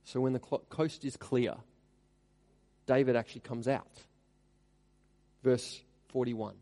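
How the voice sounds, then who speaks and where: A man preaching an expository sermon, reading scripture aloud with rising emphasis and then dropping to quiet asides. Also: medium pitch, fairly even intonation, takes it slowly. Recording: long hall reverb.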